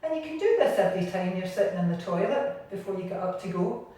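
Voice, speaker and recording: A Scottish woman gently leading a home exercise class from her bathroom, encouraging and patient. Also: lowish voice, animated, fast talker. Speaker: exercise instructor. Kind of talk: guided seated exercise class. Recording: echoey room, distant mic, faint noise.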